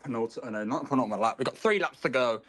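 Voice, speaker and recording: A man's voice: medium pitch, animated, quick pace, a bit bright. A man co-commentating a live online race from his desk, often stumbling, correcting himself and apologizing. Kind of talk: live sim racing commentary. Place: home desk.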